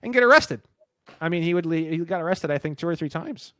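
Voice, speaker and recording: A man's voice: on the high side, quick pace, no room sound, clean studio sound. A man hosting a podcast, telling wild workplace stories in casual, profane chat. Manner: profane, animated storyteller. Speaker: podcast host.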